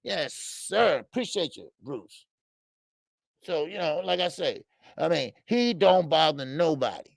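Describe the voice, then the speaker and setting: A man with a deeply gravelly, slightly raised voice rants on a boxing livestream. He talks bluntly and profanely, circling back to repeat his points as he gets worked up. The sound is close and dry, with no room around it. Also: animated, measured pace, no echo. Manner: blunt, profane, repetitive, heated. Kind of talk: heated livestream rant.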